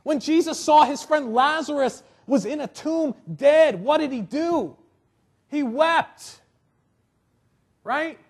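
A man's voice: extremely high pitch, slow. A man preaching a sermon in a conversational way, acting out little quotes and often asking "right?". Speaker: pastor.

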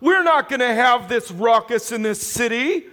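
A man's voice: very high-pitched, expressive, moderate pace, pushed and bright, pitched above the performer's own voice, full character voice. A preacher voicing a sneering, scheming city leader who plots against his enemies. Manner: mocking, conspiratorial. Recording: echoey hall reverb.

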